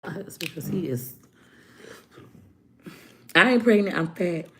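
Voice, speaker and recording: Lively woman telling a story, low-pitched. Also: unhurried. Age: adult. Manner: animated storyteller, acting out quotes. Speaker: vlogger. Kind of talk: casual storytime vlog.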